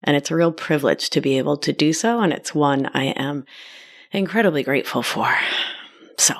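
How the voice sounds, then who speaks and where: Upbeat woman hosting a podcast, lower voice. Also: expressive, moderate pace. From Argentina. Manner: warm, upbeat and self-teasing, laughs easily. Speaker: podcast host and life coach. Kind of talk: solo podcast monologue.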